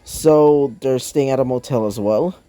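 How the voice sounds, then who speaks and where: A man's voice: mid-range voice, a little slow, dark tone, natural voice. A man voicing an easygoing young man in his own story, speaking casually and with stumbles.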